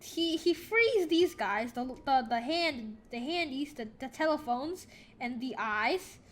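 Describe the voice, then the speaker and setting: A woman's voice: high-pitched, animated, slow, a bit bright, slight background noise. A woman rambling through a storytime while drawing, often sidetracked and correcting herself. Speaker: storyteller and artist.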